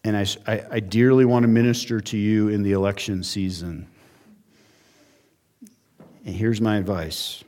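A male pastor preaching a sermon in a church, earnest, with emphatic rises and quiet drops. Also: lowish voice, steady tone, normal speed, pauses often. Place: church sanctuary.

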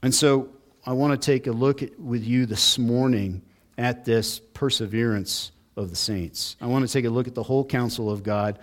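A man's voice: medium pitch, moderate pace. Guy preaching a sermon, earnest, leans hard on the big points. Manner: earnest preaching, building emphasis on key points. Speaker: pastor.

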